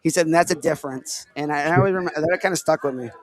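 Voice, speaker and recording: A man's voice: on the high side, rapid-fire, no echo. A man from Illinois hosting a casual podcast, talking in a rambling, filler-heavy way. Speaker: podcast host. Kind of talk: casual chat.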